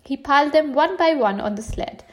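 A woman with a slightly high voice reads a children's storybook aloud. Her telling is gentle and unhurried, and she brightens into livelier voices whenever the characters speak. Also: lively intonation. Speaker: storybook reader.

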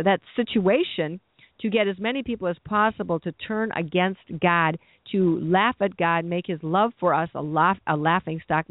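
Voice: mid-range voice, no echo. A preacher giving an earnest sermon, often repeating and restarting phrases as the thought builds. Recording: tinny phone-like dry recording.

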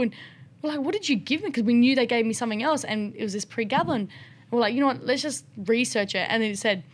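A woman's voice: a little high, fast talker. A young woman talking frankly as a podcast guest, chatty and loose with fillers and the odd swear word. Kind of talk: casual chat.

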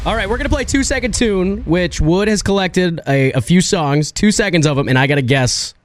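A man co-hosting a morning radio show, excitable and animated, thinking out loud as he guesses. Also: sits high, brisk, no echo, clean studio sound. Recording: music bed under the voice.

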